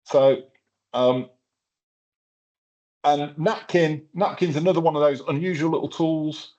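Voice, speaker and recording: A man's voice: a little high, unhurried, a little mellow. Casual chatty man giving a tech demo. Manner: casual, chatty, with many fillers and restarts. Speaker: workshop presenter. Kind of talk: live tech demo walkthrough. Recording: slightly dull lo-fi sound.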